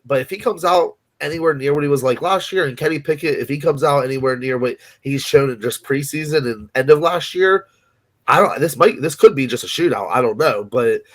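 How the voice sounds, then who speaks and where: Rambling male sports podcast co-host. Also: medium pitch. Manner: rambling, hedging, lots of ums and restarts. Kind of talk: casual sports betting chat.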